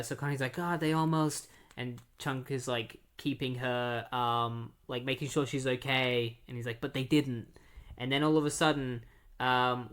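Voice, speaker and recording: A man's voice: medium pitch, a bit bright, smooth. Rambling man recapping a comic. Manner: rambling retelling with many fillers and quick acted-out quotes. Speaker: comic book podcast host.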